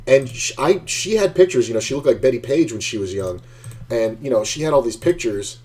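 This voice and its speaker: A man's voice: mid-range voice, lively intonation, a little fast, a little mellow. A man streaming an online poker game, casually telling a rambling, profanity-laced story between hands.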